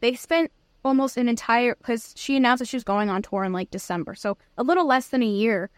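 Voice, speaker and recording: A young woman co-hosting a podcast, telling a story in an excited, rambling way in casual chat. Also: a little high, brisk, no room sound, studio quality. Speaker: podcast co-host.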